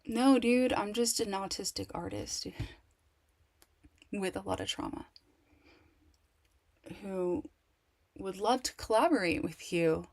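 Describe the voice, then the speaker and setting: A woman talking candidly to camera in a casual personal monologue, rambling and halting, with many restarts and fillers. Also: medium pitch, big pitch swings. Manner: candid and emotional. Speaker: vlogger.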